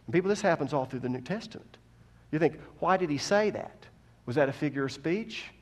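A male preacher delivering a sermon. He goes from quiet teaching to loud, impassioned preaching and asks the congregation questions. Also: on the high side, expressive, brisk.

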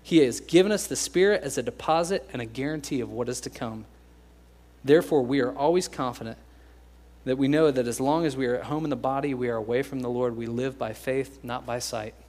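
A young American man preaching to his congregation. He keeps it loose and conversational, cracking jokes and slipping into quick impressions of everyday people. His voice sits at an ordinary middle pitch. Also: a little mellow. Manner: conversational and joking, acts out quoted voices. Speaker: pastor. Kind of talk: sermon.

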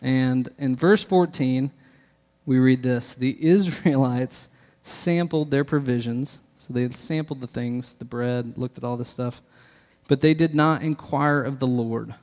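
A pastor giving a casual, good-humored sermon and reading scripture aloud. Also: male voice, medium pitch, unhurried, a little mellow, long reverb tail.

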